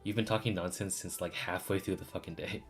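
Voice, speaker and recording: Deep-voiced man wryly narrating gameplay. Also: fairly even intonation, brisk, soft background music. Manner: wry, swearing, offhand. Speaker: streamer. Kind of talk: casual game commentary.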